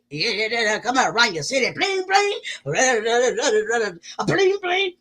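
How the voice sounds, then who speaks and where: Loud, whooping high-voiced woman streamer. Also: animated, measured pace. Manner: loud, exclamatory and preachy, with whooping and cursing. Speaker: live-stream host. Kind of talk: casual live-stream talk to viewers.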